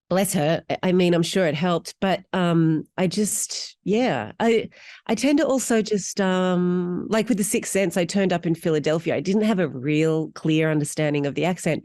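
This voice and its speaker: A middle-aged Australian woman, an actor, telling stories in an interview with animated, candid delivery. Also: dry recording. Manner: animated, candid storytelling with wide pitch swings. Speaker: actor guest. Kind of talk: interview conversation.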